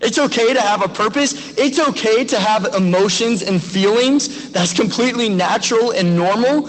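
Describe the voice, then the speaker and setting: A man's voice: high-pitched, normal speed. A man in his thirties, a pastor, giving an earnest graduation sermon and prayer that puts direct questions to the listeners. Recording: long echo of a large hall.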